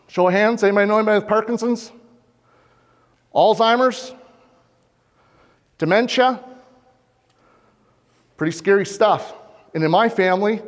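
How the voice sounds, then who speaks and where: A man from Canada, a farmer giving a presentation in a conference hall on a lapel mic, talking earnestly and putting questions straight to his audience. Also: high-pitched. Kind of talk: public presentation. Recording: long reverb of a hall.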